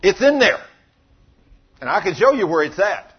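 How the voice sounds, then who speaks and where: A man preaching a sermon, retelling a story, dropping to low murmurs and rising to loud exclamations. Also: big pitch swings, normal speed, husky. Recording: dull lo-fi recording.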